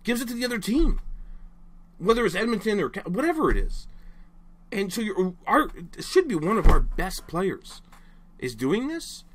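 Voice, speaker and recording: A man's voice: sits high, sing-song, moderate pace, a little hiss or hum. A young man ranting casually to camera as a frustrated hockey fan, rambling and exasperated, apologizing after his outbursts.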